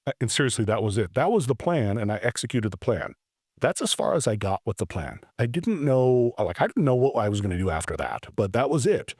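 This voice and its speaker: A man in his forties tells a story on his own podcast, and he is open about his own embarrassment. His voice sits fairly low and sounds dry, with almost no room around it. He jumps into his younger self's lines with rising energy and stumbles over his restarts. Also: brisk, husky, no room sound. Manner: animated, self-deprecating storyteller who acts out his own past lines; stammering restarts. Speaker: podcast host. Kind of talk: personal storytelling monologue.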